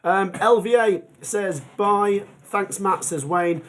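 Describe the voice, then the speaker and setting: A man's voice: sits high, takes it slowly, a bit bright, slight background noise. A young man hosting a football fan livestream, chatting casually and reading out viewer comments with plenty of ums. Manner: chatty, rambling, many ums. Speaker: football fan channel host.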